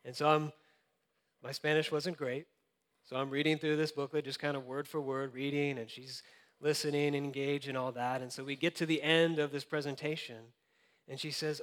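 A man's voice: on the high side, little pitch movement, normal speed, fairly bright tone, big-room sound. A young adult man preaching a sermon, earnest and conversational with light laughs. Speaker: pastor.

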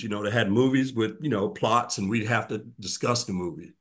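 A man in his sixties, a guest in an interview, telling his story earnestly and reflectively, often dropping to a soft, quiet voice. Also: lowish voice, a little fast. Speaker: guest, formerly incarcerated man.

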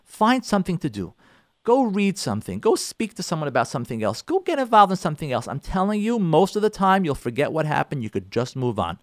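A man, a rabbi, delivers an emphatic talk with a high, lively voice that swoops up and down. He repeats his points and acts out little quarrels between husband and wife. The sound is dry and close. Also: brisk, dry recording. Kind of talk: sermon-style talk on relationships.

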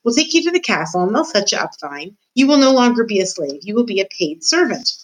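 A woman voicing a stiff, dutiful male soldier of the king who speaks formally and shouts to be heard. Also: mid-range voice, very animated, fast, voice pushed up, rough recording. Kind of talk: storybook reading.

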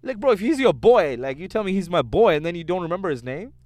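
A man's voice: high-pitched, expressive, fast, darkish tone. A young man from Canada co-hosting a comedy podcast from a car, telling rambling stories and laughing often. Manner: storytelling, laughing often, exasperated. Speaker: podcast co-host. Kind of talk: casual comedic banter.

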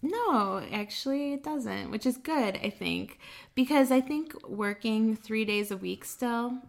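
Woman with a gravelly voice, casual chat. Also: a little high, unhurried. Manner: chatty, storytelling with fillers. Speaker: podcast co-host. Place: home kitchen table.

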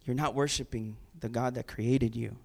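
A man preaching a sermon in an animated, conversational way, with sarcastic asides and repeated words. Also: medium pitch, moderate pace, vocal fry.

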